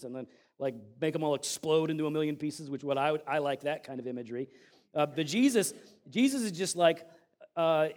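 Animated high-voiced man preaching. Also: fairly quick. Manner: animated, conversational preaching with dramatic Bible readings. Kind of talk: sermon.

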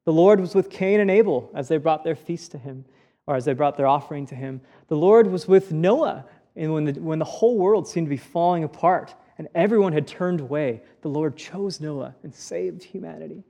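A man's voice: a little high, moderate pace, gravelly, warm tone. A man preaching a sermon as a pastor, first reading a psalm aloud, then explaining it in an earnest teaching manner with frequent restarts. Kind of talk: scripture reading.

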